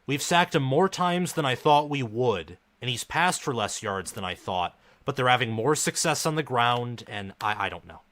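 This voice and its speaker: Bright-voiced frustrated man commenting live. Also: medium pitch, expressive, normal speed, few pauses. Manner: frustrated, dejected fan talk. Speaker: live stream host.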